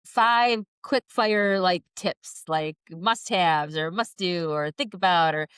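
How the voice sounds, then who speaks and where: Woman in her forties, podcast host, effusive, lowish voice, dry sound. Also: takes it slowly, clean tone, no echo. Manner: warm-hearted, effusive, laughs easily. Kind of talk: podcast interview.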